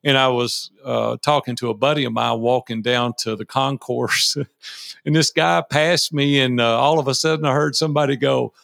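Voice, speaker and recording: Gravelly Southern man, folksy storyteller. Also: mid-range voice, steady tone, moderate pace, a bit bright, no echo, clean studio sound. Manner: folksy, laughs easily, tells stories. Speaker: business owner and guest. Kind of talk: conversational interview.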